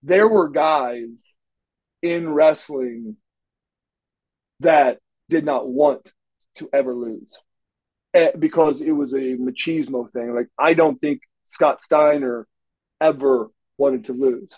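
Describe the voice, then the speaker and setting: A man's voice: mid-range voice, takes it slowly, pauses often, lo-fi sound. A middle-aged man from Oklahoma telling rambling backstage stories as a guest in a shoot interview, with frequent restarts and salty language. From Oklahoma, USA. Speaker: interview guest, former wrestler.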